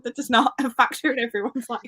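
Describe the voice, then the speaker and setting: A woman with a slightly husky, fairly high voice chats on a video call. She laughs and often breaks off mid-thought. The sound is dry and close. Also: fairly even intonation, brisk, pushed and bright, dry recording. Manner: laughs, trails off mid-sentence. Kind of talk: casual group video chat.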